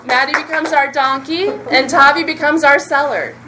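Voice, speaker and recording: High-voiced woman emceeing a showcase. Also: fairly even intonation, very noisy. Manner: brisk and directive, calling scenes. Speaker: drama camp instructor and emcee. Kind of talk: announcing a children's showcase.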